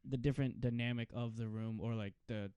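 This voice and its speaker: A young man co-hosting a podcast, chatting casually and telling animated stories with plenty of swearing. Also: medium pitch, brisk, smooth, dry recording. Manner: animated storyteller, swears freely, mimics family voices. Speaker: podcast co-host. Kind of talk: casual chat.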